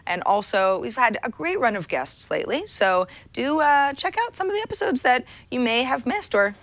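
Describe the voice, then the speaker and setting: A woman's voice: a little high, big pitch swings, normal speed, fairly bright tone. A woman co-hosting a tech talk show in casual chat, self-deprecating and chatty, often restarting her sentences. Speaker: podcast co-host.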